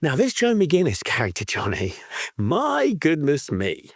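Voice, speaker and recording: Male co-host, lively and excitable, pitch swinging widely, dry close-miked sound. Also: unhurried, dry recording. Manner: animated and excitable, swears freely, laughs often. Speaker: podcast co-host. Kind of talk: casual book-club chat.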